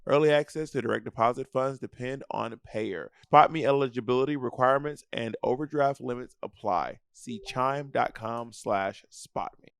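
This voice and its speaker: A man's voice: mid-range voice, moderate pace, creaky, few pauses, smooth, dry recording, clean studio sound. A man in his thirties co-hosting a podcast, reading sponsor ads casually with jokey asides. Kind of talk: casual ad read.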